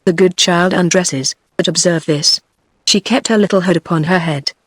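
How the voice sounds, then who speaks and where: A woman's voice: fairly low pitch, moderate pace, breathy edge, no room sound. British synthetic woman's narration voice. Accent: British English. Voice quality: even, mechanical text-to-speech delivery.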